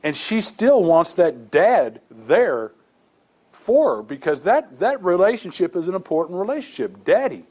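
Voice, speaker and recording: A man's voice: high voice, very animated, a little slow, a little mellow. A middle-aged male pastor preaching a sermon, telling stories earnestly with many repeated restarts.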